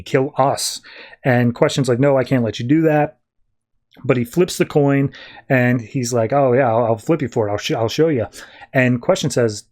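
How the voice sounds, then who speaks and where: A man's voice: medium pitch, a little mellow. A man hosting a podcast, retelling a comic book issue in casual chat and paraphrasing the characters as he goes. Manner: retells scenes in a quick paraphrase full of "he's like" quotes. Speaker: podcast host.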